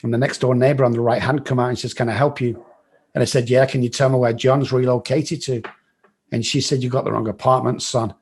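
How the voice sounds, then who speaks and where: A middle-aged English man with a husky, slightly breathy voice tells his story as a podcast guest. He talks bluntly, swears freely and acts out what other people said. His pitch sits in an ordinary male middle range. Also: little pitch movement, a little fast. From England. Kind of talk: storytelling in an interview.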